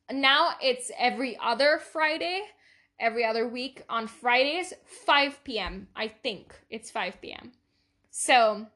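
Young female podcast host, bright and fairly high voice, earnest and rambling, leans on repetition. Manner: earnest, rambling, repeats herself emphatically. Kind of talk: solo podcast outro, casual chat.

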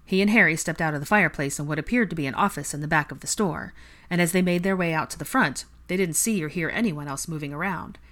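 A woman narrating a fan fiction audiobook in a steady storytelling delivery. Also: deep voice, fast talker.

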